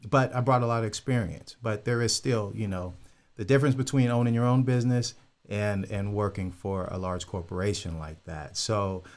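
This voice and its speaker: A deep-voiced older man from California talks casually as an interview guest. He rambles through his story with plenty of fillers and a relaxed, easygoing manner. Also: moderate pace. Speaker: guest, insurance broker.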